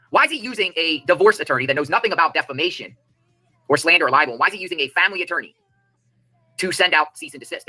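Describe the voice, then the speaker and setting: A man hosting a live stream, giving fast, emphatic, indignant commentary. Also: a little high, pushed and bright, low-quality recording. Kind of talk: ranting commentary.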